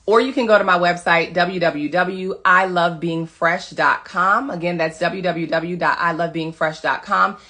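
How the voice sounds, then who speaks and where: Woman wellness coach, motivational monologue, emphatic, preachy, slightly low voice. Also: fairly even intonation, moderate pace, few pauses, pushed and bright. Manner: emphatic, preachy, repeats commands. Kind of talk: motivational social media monologue.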